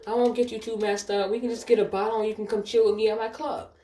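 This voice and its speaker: A woman's voice: on the high side, little pitch movement, fast, mellow, reverberant, pitched above the performer's own voice, close to an everyday voice. A woman voicing a pushy young man who keeps hitting on a cashier, crude and slangy.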